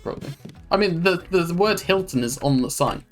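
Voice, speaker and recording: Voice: mid-range voice, animated, moderate pace, soft background music. A streamer casually commenting while playing a video game, swearing now and then. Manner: casual, swears, laid-back.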